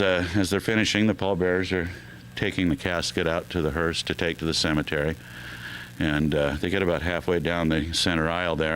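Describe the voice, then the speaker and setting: Guy on the radio rattling off jokes, lowish voice, uh's everywhere, faint hum. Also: a bit bright. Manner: loose and joking, many fillers. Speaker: radio show host. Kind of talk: telling jokes on air.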